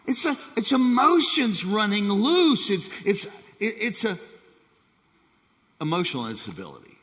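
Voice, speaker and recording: A man preaching with a high, bright and forceful voice, swinging between hushed asides and excited bursts as he calls on the congregation. His sermon rings out with a long reverb from a large church hall. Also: unhurried, long pauses. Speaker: pastor.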